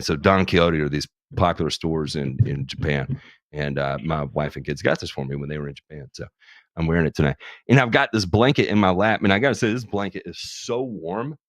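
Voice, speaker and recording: A man's voice: rumbling low, brisk, no room sound, studio quality. A man hosting a charity livestream, talking casually in a candid, profane, self-deprecating way. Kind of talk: casual chat.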